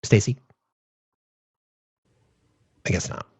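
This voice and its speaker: A man's voice: fast talker, darkish tone, no room sound. A man hosting a political call-in show, talking in an impassioned, profane, ranting way. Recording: dull, lo-fi, dry.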